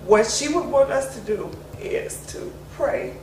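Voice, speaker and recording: A woman's voice: high voice, expressive, measured pace, a little mellow. A woman talking candidly about her late mother, reflective, with laughs between her thoughts. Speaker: grieving daughter sharing memories. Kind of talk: candid family conversation. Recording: roomy, distant mic, faint hiss.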